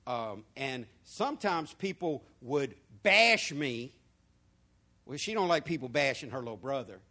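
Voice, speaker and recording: A male pastor preaching a sermon, moving between quiet asides and loud, emphatic points. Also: mid-range voice, a little slow. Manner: lively preaching with swings from soft to loud.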